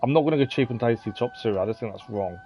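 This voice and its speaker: A man's voice: medium pitch, racing, muffled recording, soft background music. Man thinking aloud over game. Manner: thinking aloud, hesitant with many ums. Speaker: streamer. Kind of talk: casual let's-play commentary.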